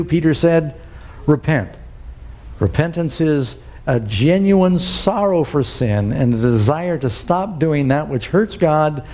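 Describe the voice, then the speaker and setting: A man's voice: on the high side, warm tone. A man preaching a sermon to a church congregation, quoting scripture and asking the crowd "Amen?". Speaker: pastor.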